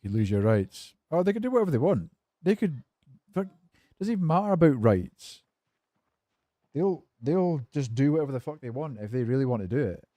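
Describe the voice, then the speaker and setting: A man with a warm, mellow voice talks to his stream viewers in loose, rambling chat, swearing easily and answering their messages. His tone is laid-back and cynical. The sound is dry and close, with no room around it. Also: mid-range voice, very animated, moderate pace, dry recording. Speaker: game streamer chatting with viewers. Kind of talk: casual live-stream chat.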